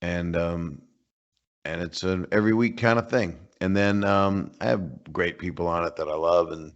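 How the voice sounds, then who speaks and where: Older comedian guest, lowish voice, rambling wry jokes, muffled lo-fi call audio. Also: male voice, moderate pace. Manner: rambling, joking, wry asides. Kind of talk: casual interview chat over a call. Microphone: remote call connection.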